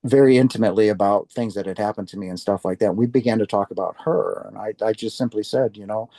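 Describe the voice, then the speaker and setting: An older man from Wisconsin speaks as an interview guest, recounting his own story in an earnest, heartfelt way. His voice is warm and mellow, and it comes across close and dry with little room sound. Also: lowish voice, quick pace, creaky, dry recording. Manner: earnest, heartfelt, acts out quoted speech.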